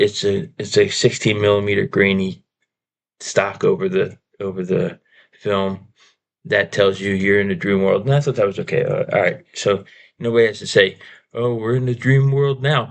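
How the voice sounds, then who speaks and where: Casting: low-voiced man, frustrated film reviewer, ranting and stammering through a casual vlog. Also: little pitch movement, normal speed, vocal fry. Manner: exasperated, ranting, repeats himself, stammers. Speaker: movie reviewer.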